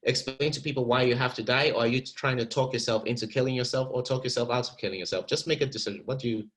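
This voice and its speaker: Animated man coaching actors. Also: medium pitch, fast talker, low-quality recording. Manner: animated, encouraging, repeats words while thinking. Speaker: acting teacher. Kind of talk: masterclass coaching.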